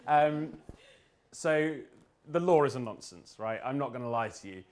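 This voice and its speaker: Male speaker for a live talk, wry, jokey, quick asides, mid-pitched. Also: lively intonation. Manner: joking, quick asides, restarts. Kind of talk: humorous presentation. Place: event room with an audience.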